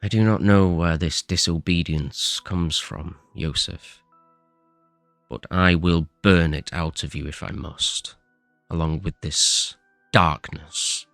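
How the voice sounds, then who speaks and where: Stern father, slow and menacing, very deep and gravelly as voiced by a man. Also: steady tone, a bit bright, no echo, faint music behind, exaggerated voice. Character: stern, cold father threatening his son.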